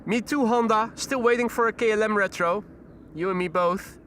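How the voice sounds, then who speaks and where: A man's voice: high-pitched, moderate pace, a bit bright, slight background noise. A man hosting a live plane-spotting stream outdoors, chatting casually with viewers and using frequent fillers. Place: outdoors near airport runway.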